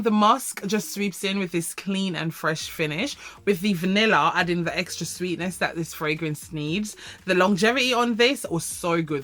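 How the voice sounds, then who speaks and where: A woman reviewing perfumes in a vlog, animated and emphatic, repeating words for emphasis. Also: fairly low pitch, no echo. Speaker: fragrance reviewer.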